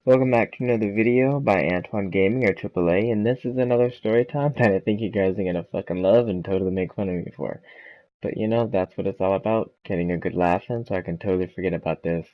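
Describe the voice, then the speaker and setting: On a rough recording with no room sound, a gaming-channel host, a young man, runs through a casual storytime. His voice is lowish and dark in tone. He's quick, loose and informal, swearing plenty and peppering his talk with "right?" and "like."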